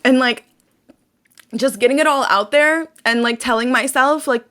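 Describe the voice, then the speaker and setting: A woman's voice: high-pitched, moderate pace, bright, forceful tone. A young woman hosting her own channel, ranting bluntly and emotionally, swearing often and repeating phrases for emphasis. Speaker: channel host. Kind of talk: emotional personal rant.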